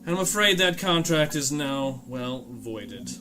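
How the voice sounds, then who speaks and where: A courteous male mercenary bodyguard in a tabletop game, guarded and dryly sarcastic, as a game master puts him on. His voice sits at an ordinary middle pitch. Music plays clearly behind him. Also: expressive, a little slow, close to an everyday voice.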